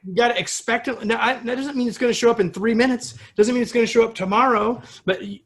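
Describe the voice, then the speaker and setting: A middle-aged man from the United States, a guest in a casual interview, telling a story with lively acted-out quotes. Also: quick pace. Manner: animated storyteller, acts out quotes with rising pitch.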